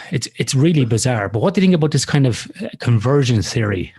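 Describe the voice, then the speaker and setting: Husky-voiced man chatting loosely on a podcast. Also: mid-range voice, very animated, brisk, a little mellow. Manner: loose and frank, swears freely, rambles through examples. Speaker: podcast co-host. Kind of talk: casual conversational chat. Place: lives in Australia.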